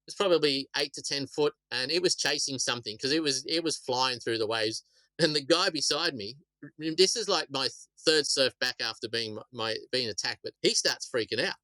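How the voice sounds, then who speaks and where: A man's voice: medium pitch, a little fast, bright, forceful tone, no room sound, poor audio. A middle-aged Australian man, a shark attack survivor, telling stories casually in a rambling way, often repeating words. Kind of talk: casual storytelling interview.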